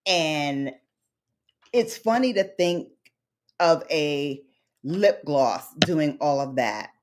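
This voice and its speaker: A woman's voice: low voice, expressive, drawn-out words, noisy background. A woman from Brooklyn, a beauty vlogger chatting casually with her viewers, heartfelt and nostalgic, calling them babes and honey. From Brooklyn, New York. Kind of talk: casual livestream chat with viewers.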